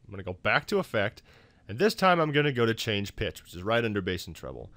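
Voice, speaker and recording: A man narrating a casual software tutorial for his video channel, loose and full of fillers and restarts. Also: on the low side, very animated, fast, no echo. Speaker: YouTube tutorial maker.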